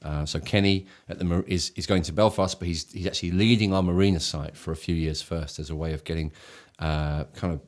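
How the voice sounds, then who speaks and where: Very deep-voiced Englishman, eager and rambling. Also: steady tone, a little fast, few pauses. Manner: enthusiastic, searching for words with frequent restarts. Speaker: church leader and show host. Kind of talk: casual chat on a live talk show.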